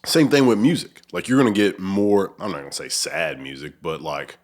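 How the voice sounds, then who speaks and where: Low-voiced male host, loose and rambling; casual chat in a small room. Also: normal speed. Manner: rambling, filler-heavy, searching for words. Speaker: podcast host. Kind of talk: casual conversation. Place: small untreated room with echoing walls.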